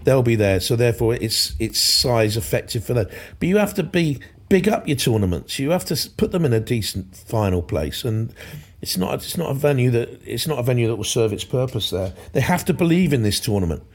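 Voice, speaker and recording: Male co-host, casual emphatic rambling chat, medium pitch, on a video call. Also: sing-song, brisk, slightly rough. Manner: rambling, emphatic, repeats himself. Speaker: podcast co-host.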